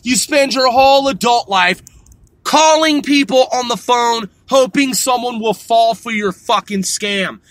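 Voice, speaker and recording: A man podcasting, ranting angrily with lots of swearing and sudden loud outbursts. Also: extremely high pitch, unhurried, no echo. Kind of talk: profane rant.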